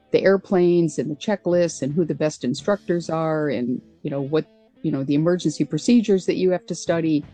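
A woman's voice: low voice, warm tone, no room sound. A woman guest being interviewed about her years as a pilot, speaking earnestly and conversationally with frequent restarts. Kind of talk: conversational storytelling.

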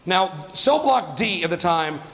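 A man doing stand-up, telling a story in an animated way and jumping into quoted voices. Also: high voice, unhurried, big-room sound. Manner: animated, acts out quoted voices with big jumps. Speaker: stand-up comedian.

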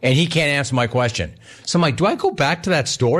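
A man on the radio telling a casual story, acting out the people in it with lively swings in his voice. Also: fairly high pitch, quick pace, hardly any pauses. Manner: animated, acts out both sides of the story. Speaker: radio host.

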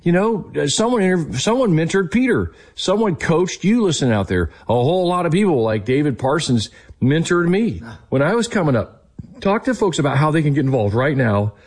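A man's voice: a little high, big pitch swings, fairly quick, breathy edge. A man hosting a Christian talk show and interview, speaking with enthusiasm and affirming his guest. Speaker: host.

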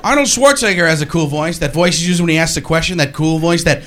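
A man doing animated stand-up comedy, building to shouts, recorded live in a club. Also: fairly high pitch, quick pace, few pauses, background noise. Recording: live club with loud crowd. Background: audience laughter.

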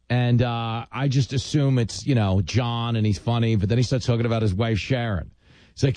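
A man in his forties hosts a radio talk show, spinning funny stories with lots of self-deprecation. His voice sits at a middle pitch and is recorded close and dry. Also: fairly quick, no echo. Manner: self-deprecating, animated joking. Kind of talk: casual radio chat and storytelling.

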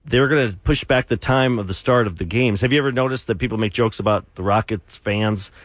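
A man's voice: fairly low pitch, fairly quick, no echo. A man hosting a morning radio show, reading news items in a joking, conversational way. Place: radio studio.

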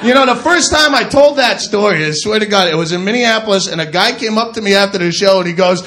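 A man performing raunchy stand-up comedy in a club, breaking into shouted outrage. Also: high voice, animated, fast talker. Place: comedy club before a live audience. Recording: live club recording with background noise.

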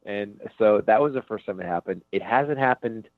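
This comedian guest chats at a normal pace in a fairly low voice, frank and meandering, with lots of "dude" and "man." The casual radio interview happens over a tinny phone line, recorded dry.

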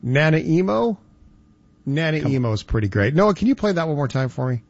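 With a medium-pitched voice and lo-fi sound, a man hosting a radio show trades casual banter and jokes with his co-host. His manner is animated, and he does quick voices in his anecdotes.

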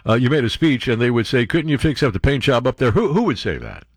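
A man's voice: mid-range voice, animated, quick pace, no room sound, studio quality. A man hosting talk radio, reading news aloud and mocking it with sarcastic asides.

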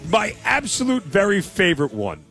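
A man's voice: sits high, wildly swooping pitch, normal speed, a bit bright, soft background music. Enthusiastic male sports talk co-host. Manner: enthusiastic storyteller, repeats himself.

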